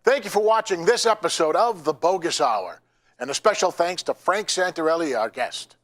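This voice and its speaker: A man's voice: fairly high pitch, animated, normal speed, a bit bright. A man hosting a casual interview, prompting his guest with short reactions and questions. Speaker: show host.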